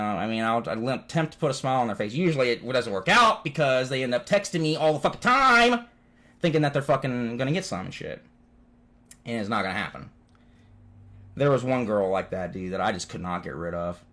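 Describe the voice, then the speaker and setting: A man vlogging from home, telling rambling stories full of swearing and constant "dude"s. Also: mid-range voice. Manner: animated, swears constantly, says "dude" often. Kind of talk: profane casual storytelling.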